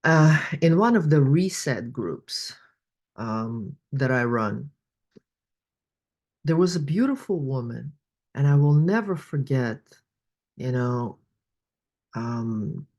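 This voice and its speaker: A woman with a notably low voice leads a workshop over a video call. She talks in an encouraging, storytelling way and uses plenty of fillers as she goes. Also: animated, slow, long pauses, a little mellow. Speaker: money coach. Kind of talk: online workshop presentation.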